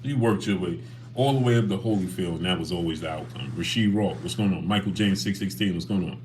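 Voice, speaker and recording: A man's voice: low-pitched, fast, darkish tone, a little hiss or hum. A man hosting a casual boxing livestream, talking animatedly and greeting chat viewers by name.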